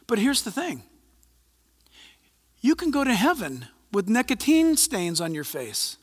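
A male pastor preaching a sermon in an animated, conversational way, with asides and humor. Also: high voice, unhurried, husky, big-room sound. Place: church.

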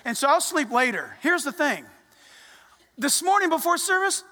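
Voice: high-pitched, moderate pace. A pastor preaching a conversational sermon in a church, acting out little quotes as the story goes. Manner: animated, conversational, acts out quotes. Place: church sanctuary. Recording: reverberant church hall.

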